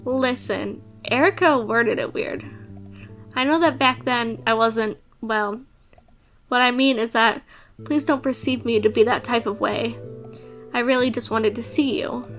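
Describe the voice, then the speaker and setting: An awkward young man from a visual novel pleads his case hesitantly, as a woman reads him aloud. The voice sits a little high, with faint game music underneath. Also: unhurried, a bit bright. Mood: earnest.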